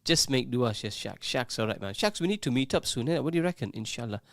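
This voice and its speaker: A man's voice: mid-range voice, animated, quick pace, vocal fry, a bit bright, no echo. A man presenting a casual radio show, chatting, teasing his co-host and reading out listener messages. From England. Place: radio studio. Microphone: studio microphone.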